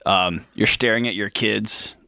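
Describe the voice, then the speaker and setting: A man's voice: on the low side, fairly even intonation, a little slow, vocal fry, sharp tone, dry recording. A man co-hosting a call-in advice show in a radio studio, telling stories in an earnest, conversational way. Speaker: co-host.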